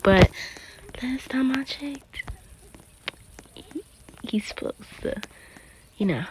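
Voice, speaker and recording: A woman's voice: mid-range voice, expressive, slow pace, long pauses, heavy background noise. A woman casually talking through her own video game play, often dropping into a whisper. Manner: chatty, keeps drifting into whispers. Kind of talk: casual gameplay commentary.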